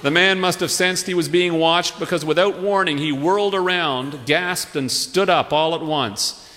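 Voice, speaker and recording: A man's voice: on the high side, moderate pace, sharp tone, slight background noise. A man telling a humorous story on stage with wry, playful emphasis. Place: theatre stage with live audience. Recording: long hall reverb, live stage.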